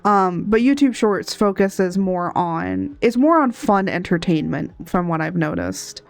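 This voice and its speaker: A Texan woman chats casually on a live art stream from her home laptop setup through a desk mic rather than a headset, rambling and laughing often while still sniffling and coughing as she gets over an illness. Her voice is low-ish and gravelly, with big pitch swings and a measured pace.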